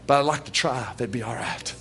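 A male preacher delivers a sermon to a church congregation. He talks in a folksy, plain-spoken way and leans hard on his emphasis. His voice sits at an ordinary middle pitch for a man. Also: fast, a bit bright. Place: church service.

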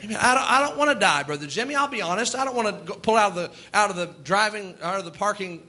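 A man's voice: high-pitched, expressive, fast, pushed and bright. A middle-aged man, preaching a sermon in an emphatic, rising and falling cadence.

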